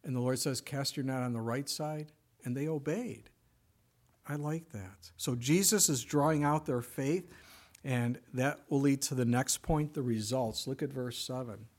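A man's voice: mid-range voice, a little slow, a little mellow. A male pastor giving a sermon in an earnest, emphatic way, with rhetorical questions.

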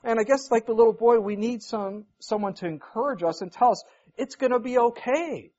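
Folksy pastor preaching, dull lo-fi sound. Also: male voice, high-pitched, brisk, a little mellow. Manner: folksy, anecdotal, acts out quoted voices. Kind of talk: conversational sermon. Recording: dull lo-fi recording.

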